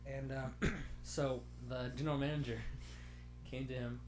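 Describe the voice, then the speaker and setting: A man's voice: medium pitch, level tone, measured pace, darkish tone, slight background noise. A young man co-hosting a casual podcast, rambling through a work story and laughing often. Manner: rambling, laughs and jokes a lot. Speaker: podcast co-host. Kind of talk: casual chat.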